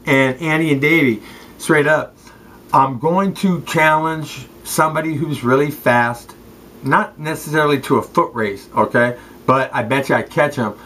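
Profane ex-athlete ranting to camera, mid-pitched, slangy and confrontational. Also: male voice, fairly bright tone, rough recording. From Southern California. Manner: street slang, addresses people directly, repeats "straight up" and "okay". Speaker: former football player. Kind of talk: rambling profane rant to the camera.

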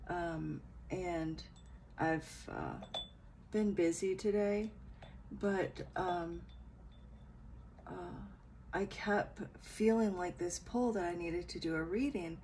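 Tired lady talking real slow n soft at home late, lotsa ums, kinda low voice. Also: very animated, slight background noise, rough recording. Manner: slow, soft, hesitant, many fillers. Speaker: spiritual reader. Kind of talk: casual late-night spiritual talk and guided meditation.

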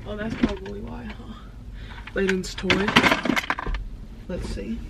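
A woman's voice: medium pitch, fairly even intonation, slow, heavy background noise. Chatty young woman vlogging from her car. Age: early 20s. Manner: chatty, rambling, with many fillers. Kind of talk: casual vlog chat. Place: inside a parked car.

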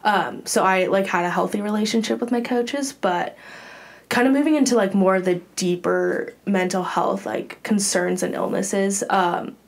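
Young woman, podcast guest, candid personal storytelling, earnest, frequent fillers, middle pitch. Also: normal speed, gravelly. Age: young adult. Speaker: guest, college gymnast.

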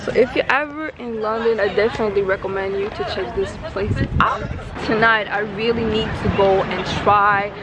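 A woman's voice: medium pitch, normal speed, over a noisy crowd. A woman vlogging casually to her viewers on a handheld camera, chatting to them directly. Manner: chatty, keeps addressing viewers as "you guys". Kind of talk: casual vlog talk to camera. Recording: echoey with loud street traffic noise.

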